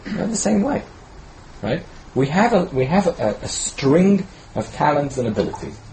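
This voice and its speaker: This man's Torah talk is informal and chatty, sprinkled with "right?" tag questions, and he restarts words while searching for the right one. His voice is a little high with a darkish tone, and the rough recording carries a little hiss or hum.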